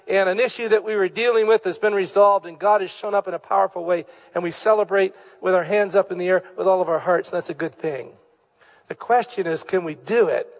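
A pastor preaching a sermon in church, with emphatic delivery, repeated key phrases and questions put to the congregation. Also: male voice, high-pitched, long reverb tail, lo-fi sound. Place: church sanctuary.

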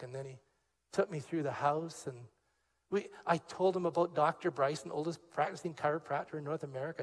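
An older man delivers a sermon as a pastor. His voice sits a little high for a man. He tells stories with animation, acting out the dialogue, and then moves into teaching. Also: big-room sound. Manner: animated storyteller, acts out quoted dialogue. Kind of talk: sermon with personal storytelling.

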